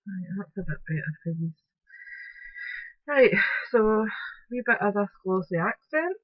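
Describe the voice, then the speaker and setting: A woman's voice: mid-range voice, lively intonation, measured pace, dry recording. A Scottish woman talking through a craft tutorial at home in a chatty way, with apologetic asides as she works. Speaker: crafting vlogger. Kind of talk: casual craft tutorial narration. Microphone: camera close-up. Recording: dull, dry home recording.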